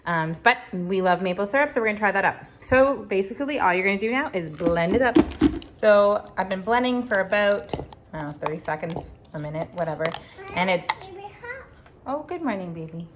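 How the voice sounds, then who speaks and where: In her farm kitchen, a woman demonstrates a homemade recipe for her cooking vlog, chatting expressively and a little fast in a mid-range voice. She fills her talk with ums and jokey asides, over some background noise.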